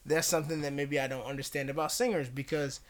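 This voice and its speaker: A man's voice: a little high, steady tone, fast talker. A man co-hosting a podcast, steering the talk and asking questions. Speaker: podcast co-host. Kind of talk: casual chat.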